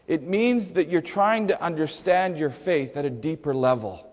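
A man's voice: on the high side, normal speed. A male pastor preaching a sermon emphatically, with rhetorical questions and dry humor. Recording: long hall reverb.

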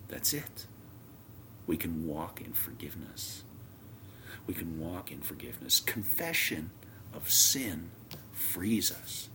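A man preaching a sermon, telling a homely story, his voice swinging from loud emphasis down to near whispers. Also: low voice, a little hiss or hum.

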